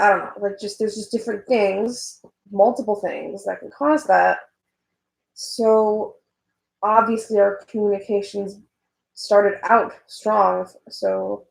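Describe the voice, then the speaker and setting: A woman's voice: mid-range voice, gravelly, darkish tone, reverberant, low-quality recording. A young woman chatting casually while she works on a drawing, rambling and swearing, getting worked up at times. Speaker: artist vlogger.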